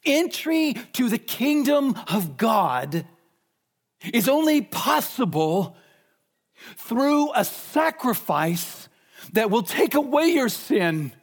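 A man preaching a sermon emphatically, asking rhetorical questions and slowing down to stress key points. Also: very high-pitched, sing-song.

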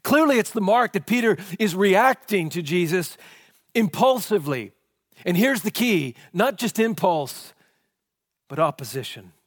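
High-voiced man preaching a dramatic sermon. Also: expressive, unhurried, no echo, studio quality. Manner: dramatic preaching, swinging from loud emphasis to hushed tones; rhetorical questions. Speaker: pastor.

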